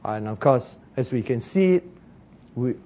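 A man preaching a sermon as pastor, telling the story in an animated way, acting out the quoted voices and chuckling at his own jokes. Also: medium pitch, unhurried, a little hiss or hum.

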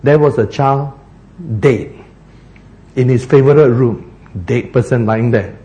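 A man's voice: mid-range voice, takes it slowly, mellow. A man preaching a sermon, telling the story with animation, laughing often and acting out the characters.

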